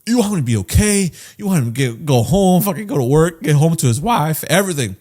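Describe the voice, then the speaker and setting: A man's voice: fairly high pitch, fast. A man co-hosting a podcast in casual chat, swearing freely and acting out the voices of the people he quotes. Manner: animated, profane, acts out quoted voices. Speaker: podcast co-host.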